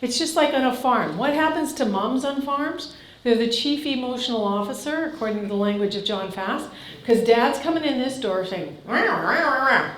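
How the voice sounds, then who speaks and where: A woman's voice: fairly high pitch, lively intonation, normal speed. A woman in her fifties from Canada, a farm family coach giving a live seminar, blunt and direct, firing questions at the audience. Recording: echoey hall.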